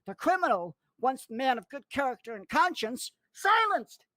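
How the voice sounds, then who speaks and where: A man in a furious, profanity-laden livestream rant, cursing, threatening and mocking people in a squeaky put-on voice. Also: sing-song, normal speed, pushed and bright, no room sound. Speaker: online commentator.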